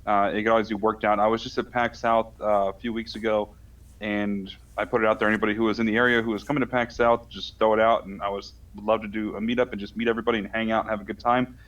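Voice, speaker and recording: A man's voice: lowish voice, flat delivery, fast, a bit bright. Laid-back podcast guy cracking jokes, sound kinda muffled and lo-fi. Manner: easygoing, wisecracking. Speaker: podcast co-host. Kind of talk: casual podcast chat.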